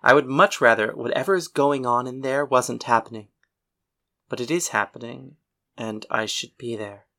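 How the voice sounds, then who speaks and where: A woman voicing a tough, loyal young woman known as the whiskey girl, speaking low and earnest with dry humor. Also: moderate pace, a bit bright. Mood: reluctant.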